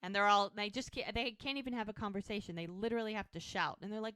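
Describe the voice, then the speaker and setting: Smooth-voiced woman recapping a show. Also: no echo, clean studio sound. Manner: animated recapping, acting out lines with quick shifts in pitch. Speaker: podcast co-host. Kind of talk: casual rewatch recap.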